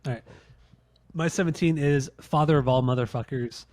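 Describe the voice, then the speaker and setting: A man's voice: medium pitch, moderate pace, a little mellow. A man in his late thirties chats casually on a podcast, blunt and full of swearing, circling back to repeat his points. The sound is dry and close, with no room echo. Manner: blunt, profane, repeats himself when making a point. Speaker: podcast co-host. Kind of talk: casual podcast chat, ranking albums.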